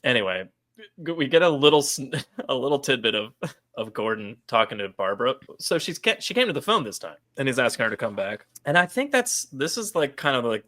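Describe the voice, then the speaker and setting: A man's voice: medium pitch, sharp tone. A man co-hosting a podcast, chatting casually about a comic book, laughing often and acting out the characters' lines. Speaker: podcast co-host.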